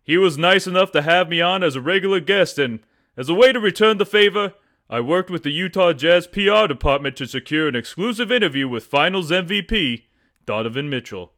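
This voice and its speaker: A man's voice: sits high, lively intonation, a little fast, fairly bright tone. A man with a put-on New Jersey accent, reading a comic story aloud in a dramatic storytelling manner.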